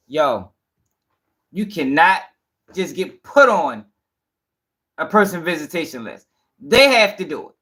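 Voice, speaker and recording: A man's voice: fairly high pitch, sing-song, a little slow, pauses often, pushed and bright, husky. A man giving blunt reaction commentary on a clip, dismissing what he hears as lies. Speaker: commentary host.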